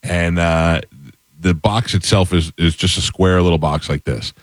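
A man hosting a casual chat, relaxed and laughing along as he rambles through a story. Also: low voice, unhurried, no echo.

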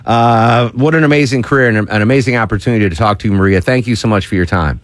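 A man's voice: lowish voice, fast talker, no room sound, studio quality. A man from New England hosting a live radio interview, chatty and playful, often stumbling over his words. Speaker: radio host.

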